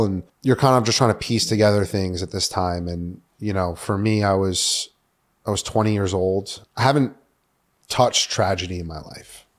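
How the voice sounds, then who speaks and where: Candid man in his thirties, fairly low voice. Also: normal speed. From New York City. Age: 30s. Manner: candid, swears freely, many fillers like "uh" and "like". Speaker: podcast guest. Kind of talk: personal story in casual conversation.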